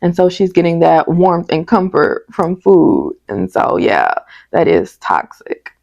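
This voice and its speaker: Gravelly low-voiced woman reviewer. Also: huge pitch swings, unhurried, darkish tone, no room sound, dull audio. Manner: candid, chatty, goes off on tangents. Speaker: TV show reviewer. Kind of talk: casual commentary.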